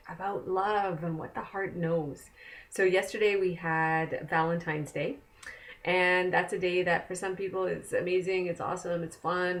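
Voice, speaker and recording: A woman's voice: on the low side, a bit bright. A woman oracle card reader, chatting casually and conversationally to the camera from a desk at home. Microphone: camera mic.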